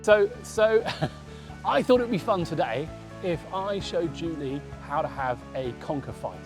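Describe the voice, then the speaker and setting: A man speaking calmly and reassuringly in a casual vlog, then explaining a game playfully. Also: on the high side, a little slow, over music. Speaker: host. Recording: recording with noticeable background noise.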